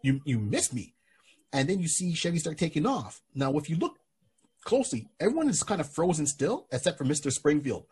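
Very husky man retelling a comic. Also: a little high, fairly quick. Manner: animated storytelling with many restarts. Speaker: podcast host. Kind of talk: casual chat.

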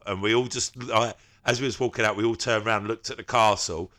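A man's voice: mid-range voice, a little fast, hardly any pauses, fairly bright tone. A man, a podcast co-host telling stories in casual, slangy chat and laughing often.

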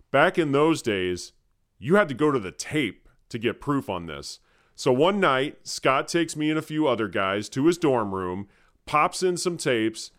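Man in his forties, podcast host, smooth resonant voice, conversational storyteller. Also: medium pitch. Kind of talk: podcast interview.

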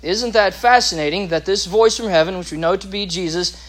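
A man's voice: high-pitched, a little fast, fairly bright tone, faint music behind. A man teaching a Bible lesson, explaining scripture with asides and restarts.

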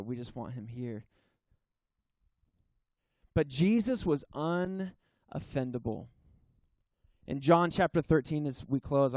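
A man, a pastor, preaching a sermon at a church service in an earnest, emphatic way, slowing down on key phrases and sometimes restarting his sentences. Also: medium pitch, darkish tone, dry recording.

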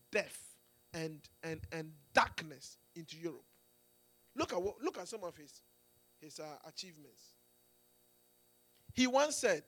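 High and a bit bright, this man's voice carries an emphatic sermon. He keeps restarting phrases and checking in with the congregation, tossing in "Amen" and "Do you get it?" again and again.

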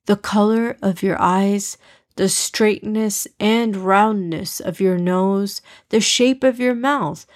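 A woman voicing a gentle, patient father in a storybook reading, speaking in a soft, reassuring way. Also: medium pitch, takes it slowly, close to an everyday voice. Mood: tender.

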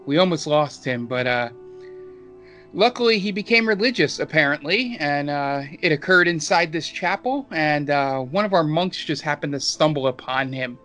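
A man's voice: on the high side, animated, normal speed, sharp tone, faint music behind. A man voicing a caring elven holy knight. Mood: relieved.

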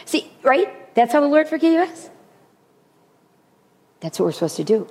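A woman preaching a sermon with humor, animated, often repeating her key phrases. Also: sits high, moderate pace, long pauses, slightly rough. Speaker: women's speaker. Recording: long hall reverb.

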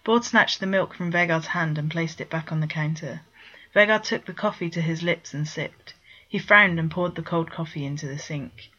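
A woman reading fan fiction aloud with plain, steady narration. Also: low-pitched, moderate pace, highs cut off. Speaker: story reader.

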